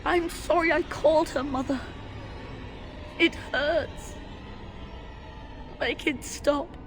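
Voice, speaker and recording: A woman's voice: high-pitched, fairly even intonation, slow, faint music behind. A woman voicing a frightened young boy in pain, whimpering and faltering, in a video game.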